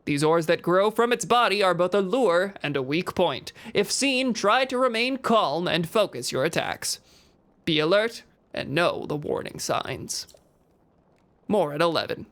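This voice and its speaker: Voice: medium pitch, lively intonation, a little slow, fairly bright tone. A game streamer doing a mock newscaster voice and reading an urgent bulletin aloud with emphatic announcer delivery. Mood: announcing.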